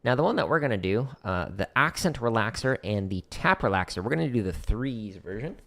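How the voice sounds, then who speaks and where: A man leading a casual drum practice live stream, chatty and relaxed, explaining exercises and counting out patterns. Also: medium pitch, a little fast.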